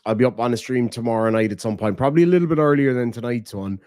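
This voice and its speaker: Racing through his stories, a man hosting a casual late-night stream swears heavily and laughs throughout. His voice is medium in pitch with a darkish tone, captured in a dry, clean studio recording.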